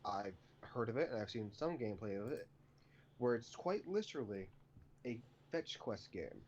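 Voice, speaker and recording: A man's voice: mid-range voice, expressive, moderate pace. A man co-hosting a gaming podcast in casual chat, blunt and swearing freely. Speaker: podcast co-host. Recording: dull lo-fi mic with faint noise.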